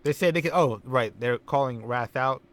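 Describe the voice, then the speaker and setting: A game commentator with a mid-range, slightly bright voice gives a casual let's-play recap of a wrestling simulation game. He moves at a moderate pace, rambling with fillers and chuckles.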